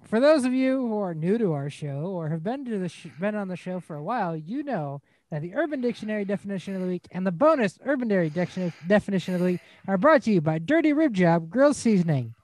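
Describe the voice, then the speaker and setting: Male co-host, animated, mock-serious reader. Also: sits high, fast, hardly any pauses, dry recording, poor audio. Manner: reads aloud in a mock-serious voice. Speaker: podcast co-host. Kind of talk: casual comedic podcast banter.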